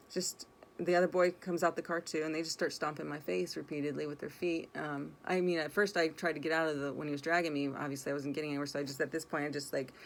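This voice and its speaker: Woman, low voice, casual storytelling, blunt, swears a lot, rambling, self-correcting. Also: a little hiss or hum.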